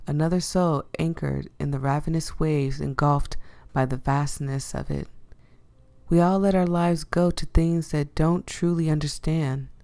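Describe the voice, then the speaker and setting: A woman's voice: low voice, fairly even intonation, unhurried, gravelly, mellow. A woman voicing a grumpy, brooding young male ghost-catcher in a visual novel, curt and dry. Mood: somber.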